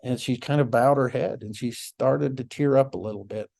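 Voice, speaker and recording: A middle-aged man, a former child welfare caseworker, telling stories in a conference talk, reflective, with soft laughs and restarts. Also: mid-range voice, normal speed, gravelly.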